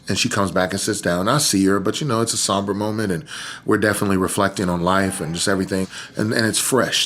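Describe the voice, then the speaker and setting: A man's voice: on the low side, fairly bright tone. A man from Texas, a podcast guest, tells an emotional personal story earnestly, his voice catching with tears.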